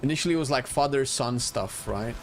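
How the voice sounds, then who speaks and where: A man's voice: mid-range voice, a little fast, a little hiss or hum. Chatty male streamer, jokes and thinks aloud over gameplay. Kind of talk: casual gameplay commentary.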